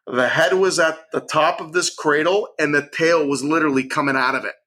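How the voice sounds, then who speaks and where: A middle-aged man, a chef and angler, telling a story with energy and acting out what people said in lively bursts. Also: fairly high pitch, fairly quick. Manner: acts out quotes in lively bursts. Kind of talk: animated storytelling.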